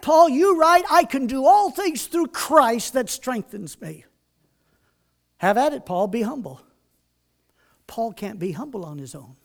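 A man preaching a sermon in a folksy storytelling way, dropping quiet and then building loud. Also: very high-pitched, creaky, echoey room.

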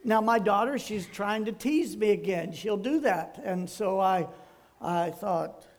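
A man's voice: sits high, measured pace. An older man, a pastor, giving a folksy sermon full of homespun, rambling anecdotes.

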